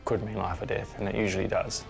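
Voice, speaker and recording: Young kiwi-born soldier guy, really gravelly, bit low, music playing under him. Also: little pitch movement. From New Zealand. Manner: plain-spoken, halting with fillers. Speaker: interviewee, injured soldier. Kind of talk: TV interview recollection.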